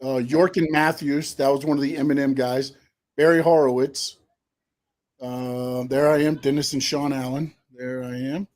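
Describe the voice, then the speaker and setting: A middle-aged man co-hosting a live show, casually reminiscing and running through names in a quick list. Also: mid-range voice, steady tone, a little mellow. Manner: reminiscing, lists names rapidly. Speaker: co-host, wrestling promoter.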